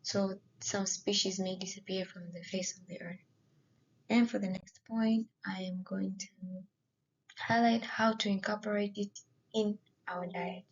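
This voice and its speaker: A woman giving a slide presentation, halting and often filling pauses with "you know". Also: mid-range voice, steady tone, creaky, highs cut off.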